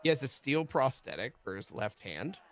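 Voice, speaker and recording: A man narrating as game master of a tabletop role-play game, relaxed and unhurried. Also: mid-range voice.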